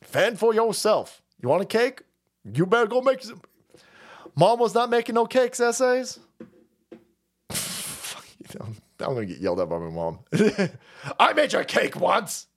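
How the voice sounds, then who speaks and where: A man's voice: sits high, measured pace, long pauses. A man hosting a livestream, ranting casually to chat, swearing constantly and laughing between stories. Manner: swears constantly, laughs often, animated storytelling. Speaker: livestream host reading chat. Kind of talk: profane casual rant.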